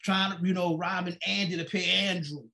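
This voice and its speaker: Pastor guy telling his story, keeps going "she said", voice sits a bit high. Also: level tone, moderate pace, gravelly, bright, forceful tone. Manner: storytelling, repeats "she said" and acts out quoted dialogue. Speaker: pastor and guest. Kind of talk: personal testimony in a sit-down interview.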